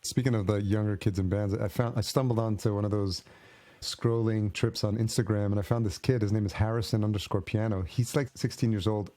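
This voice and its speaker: Male podcast host with a somewhat low voice, eager and laugh-prone. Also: steady tone, fairly quick, dark tone. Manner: enthusiastic, laughs often. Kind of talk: casual interview chat.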